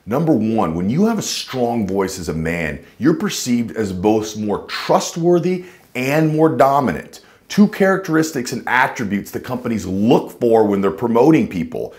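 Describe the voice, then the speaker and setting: A man coaching viewers to camera, speaking emphatically and dropping into a low chest voice to demonstrate. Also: big pitch swings, normal speed, darkish tone. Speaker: dating and voice coach. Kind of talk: instructional talk to camera.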